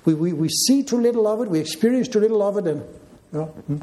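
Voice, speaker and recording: A man's voice: high-pitched, expressive, fast, warm tone. An older man preaching a sermon, repeating key phrases with emphasis and checking in with listeners.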